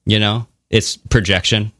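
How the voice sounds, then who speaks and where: Low-pitched guy co-hosting a podcast, bright forceful voice, dry close mic, swears a lot. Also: measured pace, no room sound. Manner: animated, swearing, mocking voices. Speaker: podcast co-host. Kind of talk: casual conversational podcast talk.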